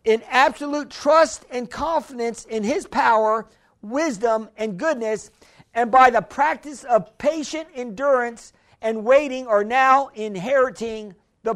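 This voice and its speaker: A woman preaching a sermon, emphatic, repeating key phrases and stumbling into restarts, slowing right down to stress a point. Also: sits high. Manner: slows down hard to stress lines.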